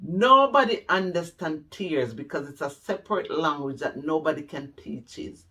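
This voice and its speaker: A man's voice: on the high side, moderate pace, bright, forceful tone. A middle-aged Jamaican man telling his life story to camera, heartfelt and repeating phrases for emphasis. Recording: voice a bit distant from the mic.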